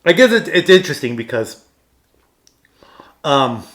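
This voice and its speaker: A man's voice: fairly high pitch, very animated, measured pace, a bit bright. A man in his thirties, co-hosting a podcast in casual chat, telling rambling, self-deprecating stories with plenty of fillers and restarts. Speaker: podcast co-host.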